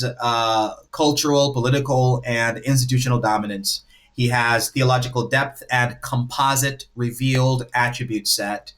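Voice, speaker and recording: A man's voice: mid-range voice, fairly bright tone. A man hosting a livestream in a casual way, lecturing and laying out his points one by one. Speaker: livestream host.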